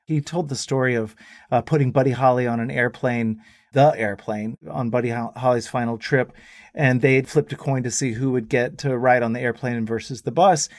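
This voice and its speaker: Musician guest, male, mid-pitched and dry-miked, spins profane anecdotes casually. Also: a little fast, no room sound. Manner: lively anecdotes, swearing. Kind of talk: casual storytelling.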